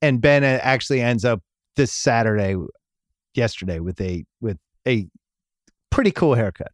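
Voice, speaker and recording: A man's voice: mid-range voice, animated, moderate pace, dry recording. A middle-aged man tells a meandering family story on a podcast, with frequent restarts and chuckles at his own jokes. His voice sits in a middle register, recorded close in a dry studio with no room sound. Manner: rambling anecdote, laughing at his own jokes. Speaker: podcast host. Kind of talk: casual storytelling chat.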